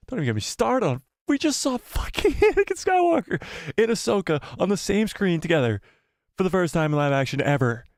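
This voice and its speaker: A man's voice: high-pitched, big pitch swings, moderate pace, dry recording, studio quality. A man hosting a live watch party, reacting in stunned disbelief, stammering and repeating himself between yelps and mutters. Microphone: headphones and desk mic.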